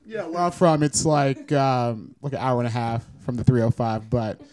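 A man's voice: mid-range voice, steady tone, moderate pace, a crowd in the background. A young man from South Florida with a South Florida accent, a podcast guest chatting casually in slang. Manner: easygoing, slangy, says "you know what I'm saying" a lot.

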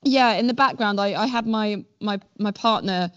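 A woman's voice: fairly high pitch, moderate pace, hardly any pauses. A woman guest on a podcast, telling stories in a rambling, self-deprecating way with many fillers. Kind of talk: casual chat. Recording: dull lo-fi sound.

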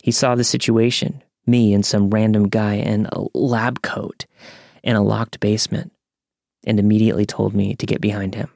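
A young man narrates a true scary story in a calm, measured way. His voice sits low with a gravelly edge. The recording is close and dry. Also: no room sound.

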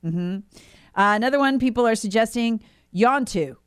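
A woman's voice: a little high, expressive, moderate pace, clear, resonant tone, no echo. A woman co-hosting a radio talk show, chatting playfully and reading listener texts aloud. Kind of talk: casual radio chat.

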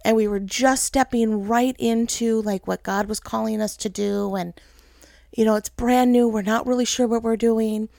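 A woman in her thirties preaches a heartfelt, personal sermon and talks straight to her listeners. Her voice sits a little high, with a gravelly fry running through it. The sound is dry and close, with almost no room echo. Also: steady tone, moderate pace, mellow. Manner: earnest, emotional, speaks to listeners as "guys". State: tearful. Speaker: pastor's wife giving a message.

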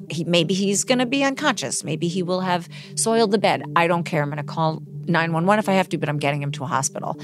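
A middle-aged woman giving an interview, retelling a painful personal story in a halting, emotional way with many restarts. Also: low voice. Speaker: interview guest.

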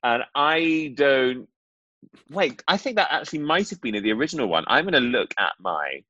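A man's voice: medium pitch, sing-song, normal speed, bright, forceful tone, no room sound, dull audio. Chatty man, dry close sound. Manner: chatty, laughing, rambling. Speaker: guest singer. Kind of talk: casual chat.

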